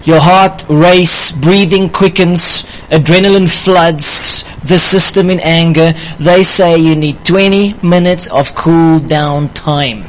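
A man's voice: fairly high pitch, fairly even intonation, slow, few pauses, low-quality recording. A man preaching about marriage in a light, playful way, often laughing with his audience. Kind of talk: sermon on marriage.

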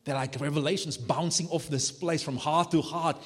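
A man preaching a sermon with passionate, animated delivery and a slightly higher voice for a man. His words build to emphatic peaks and ring out with a long reverb through a church hall. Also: moderate pace. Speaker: pastor.

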